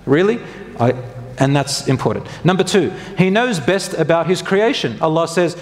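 A man with a fairly high voice delivers a religious lecture in a loose, conversational way. He turns to the audience with questions and catches and corrects his own slips as he talks. His voice carries a long reverb, as if recorded in a large hall. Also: lively intonation, brisk. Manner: conversational, asks the audience questions, corrects himself mid-sentence. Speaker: Islamic preacher.

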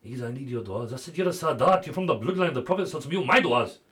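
A man's voice: medium pitch, animated, very fast. Impassioned man making a charity appeal. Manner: swings between loud urging and hushed storytelling. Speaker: charity fundraiser. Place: TV studio.

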